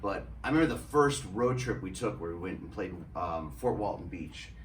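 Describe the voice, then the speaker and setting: A man, a touring musician, chatting casually as a guest and telling animated stories. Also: low voice, normal speed. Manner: animated storyteller, does voices in anecdotes. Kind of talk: casual chat. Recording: distant mic, faint ambient noise.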